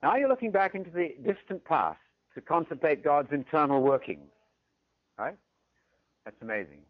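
Delivered at a moderate pace in a fairly high voice, this theology lecture comes from an animated British man who keeps asking the audience "right?" The recording is dry, dull and lo-fi.

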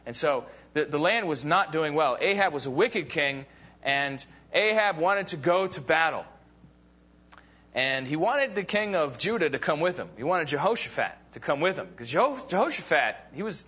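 A man's voice: a little high, lively intonation, moderate pace, pushed and bright. A man teaching a Bible class, casually retelling a story with fillers and acting out the quoted lines. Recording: dull lo-fi recording.

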